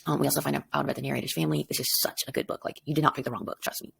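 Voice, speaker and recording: A woman's voice: extremely low pitch, level tone, racing, vocal fry, slight background noise. A tired woman teacher explaining an assignment in a recorded lesson, rambling casually and checking in with "okay?". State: tired, up before dawn.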